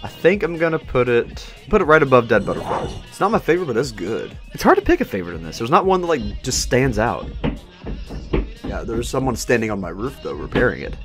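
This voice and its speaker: A young man casually rambling and reacting to songs as a host, excitable and self-mocking. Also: medium pitch, fairly quick. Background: faint song music playing.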